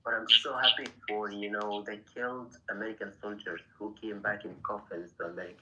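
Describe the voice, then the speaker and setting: Male caller, lowish voice, repetitive and insistent. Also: fairly even intonation, brisk, sharp tone, highs cut off, slight background noise.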